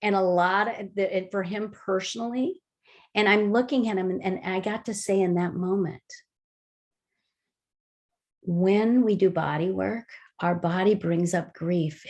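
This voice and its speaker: A woman leading an online mindful movement and breathing class, guiding gently and slowly with soft breathy cues, over a video call. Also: on the low side. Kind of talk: guided movement and breathing lesson.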